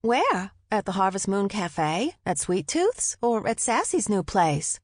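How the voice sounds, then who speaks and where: A woman's voice: medium pitch, very animated, slow pace, dry recording, clean studio sound. A woman narrator voicing the stubborn young heroine in a whiny, protesting tone. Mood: pouty.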